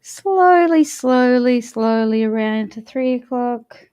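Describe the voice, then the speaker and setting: A woman vocal coach leading a morning warm-up, chatty and encouraging as she talks the listener through each step. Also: fairly high pitch, expressive, takes it slowly, smooth.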